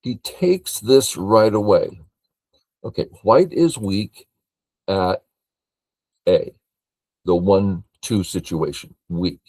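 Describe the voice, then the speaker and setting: An older man from California walks through a board game as a teacher, thinking aloud in a matter-of-fact way. His voice sits somewhat low and he talks very slowly. The sound is dry and close. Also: darkish tone, no echo. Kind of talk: game review lesson.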